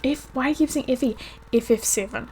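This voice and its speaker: A woman's voice: sits high, quick pace, mellow, slight background noise. A woman streaming a video game who chats casually and laughs often. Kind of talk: casual gameplay commentary.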